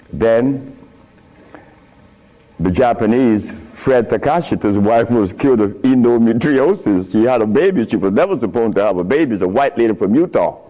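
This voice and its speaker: A man with a fairly low-pitched voice tells stories to an audience in an informal, animated lecture, his grammar loose and his chuckles frequent. The recording has its highs cut off.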